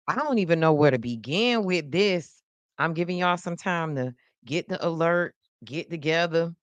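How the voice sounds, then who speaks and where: A woman hosting a casual live news-reaction stream. She talks straight to her viewers in an animated, chatty way, exclaiming often and repeating phrases for effect. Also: on the low side, measured pace, clear, resonant tone, dry recording.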